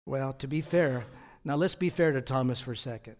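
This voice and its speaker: A pastor preaching a conversational sermon, asking rhetorical questions and answering them himself, often repeating words and chuckling between points. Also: male voice, medium pitch, a little fast, a little mellow.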